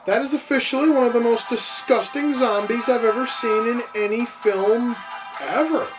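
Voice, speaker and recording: A movie reaction host giving casual commentary, excitable and profane, openly relishing the gore. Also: medium pitch, normal speed. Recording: distant mic with faint music behind.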